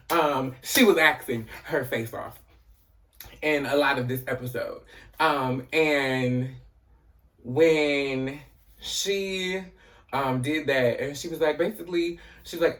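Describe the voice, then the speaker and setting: A man's voice: mid-range voice, slow pace, fairly bright tone, far from the mic. Chatty man recapping a TV episode. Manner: chatty, profane, frequent "you know" and "um" fillers. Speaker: TV recap host.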